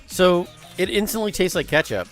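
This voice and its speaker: Man co-host, mid pitch, lively intonation, blunt plain-spoken reactions. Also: normal speed, soft background music. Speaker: podcast co-host. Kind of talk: casual chat.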